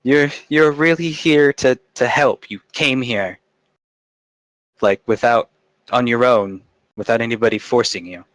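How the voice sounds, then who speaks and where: A man's voice: medium pitch, unhurried, a bit bright, no room sound, pitched above the performer's own voice, lightly acted, low-quality recording. A man voicing a grieving young village man who stammers and repeats himself. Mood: disbelieving. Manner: shaky, hesitant, repeats words. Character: grieving young male villager, nervous and fearful.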